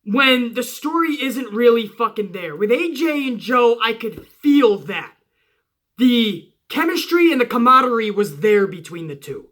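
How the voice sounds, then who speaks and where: A man hosting his own channel, giving a casual, profane review, emphatic and jumping up in pitch when worked up. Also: bright, forceful tone. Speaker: wrestling show reviewer, channel host.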